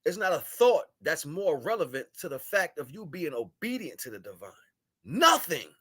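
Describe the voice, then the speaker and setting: A man on a livestream giving a spiritual monologue, shifting between solemn murmurs, loud scolding and slangy, laughing chat with viewers. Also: on the high side, big pitch swings, normal speed, slightly rough. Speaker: live stream host. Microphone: live stream microphone.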